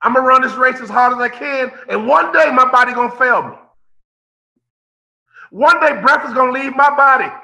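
A man's voice: very high-pitched, normal speed, gravelly, long pauses, pushed and bright, poor audio. A man in his fifties giving an impassioned keynote over a video call, preacher-like, repeating phrases and calling out listeners by name. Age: 50s. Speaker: motivational keynote speaker.

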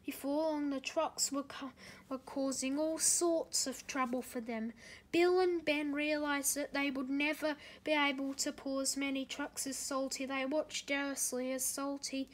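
A woman narrating a children's storybook aloud, halting with slips and restarts. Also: high voice, steady tone.

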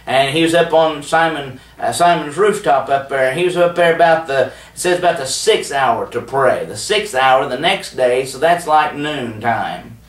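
A man's voice: medium pitch, normal speed, hardly any pauses. A man teaching a televised Bible study in a plainspoken, folksy way, with frequent fillers and restarts. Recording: roomy echo, voice a bit distant from the mic.

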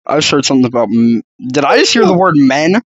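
A podcast co-host in chaotic casual chat with friends, goofy and loud, repeating words to annoy everyone. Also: medium pitch, sing-song, quick pace, dull audio.

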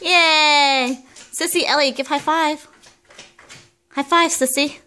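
A woman's voice: sits high, fairly even intonation, unhurried, bright, forceful tone, slight background noise. A young woman singing a nursery song to her toddlers and coaxing them to play along, in a playful sing-song. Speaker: parent singing to small children.

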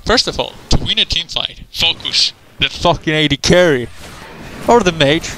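A man giving profane, excitable commentary over his own gameplay, trash-talking opponents and breaking into laughter and yelps. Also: moderate pace, slight background noise. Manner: frequent laughter and sudden high yelps. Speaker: gamer recording his own match.

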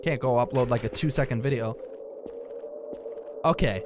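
A young man commenting on a horror game in a goofy, jokey way, with loud outbursts, over game music. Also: medium pitch, very animated, normal speed, long pauses. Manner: goofy, jokey, breaks into shouts and silly singing. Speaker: gaming YouTuber.

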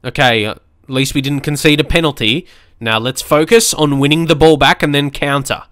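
Excitable male gamer, smooth voice, dry close-mic sound, lively let's play commentary. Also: fairly high pitch, normal speed, no echo. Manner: excitable, shouting at the screen and swearing. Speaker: gaming YouTuber.

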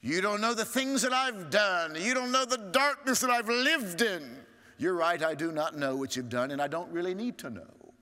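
Pastor guy preaching, bright ringing voice, big church hall echo. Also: high voice, expressive, normal speed. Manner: preaching with sweeping rises and hushed drops. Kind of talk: sermon. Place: large church sanctuary.

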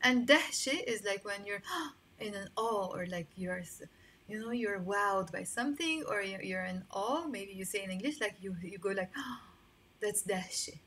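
A woman with a Lebanese accent teaching Arabic vocabulary, modeling words slowly and repeating them, then explaining them in English, recorded without a microphone. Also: mid-range voice, fairly bright tone. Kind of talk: language lesson. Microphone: no microphone, built-in mic.

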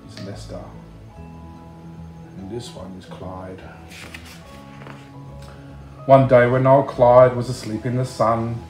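A man reading a picture book aloud, slow and expressive, chatting to the listener between pages. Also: lowish voice, echoey room. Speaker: storybook reader.

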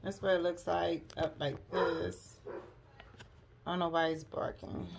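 A woman's voice: fairly low pitch, flat delivery, a little slow, gravelly, noisy background. A woman, chatting casually to camera at home, calling her viewers y'all and girl. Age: 40s. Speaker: lifestyle vlogger. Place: at home, decorating a room.

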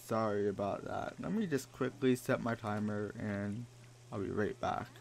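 A man's voice: fairly low pitch, moderate pace, vocal fry. Man, casual gameplay commentary, exasperated, mock-scolding, desk mic, faint background hiss. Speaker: let's play gamer. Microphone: desk microphone.

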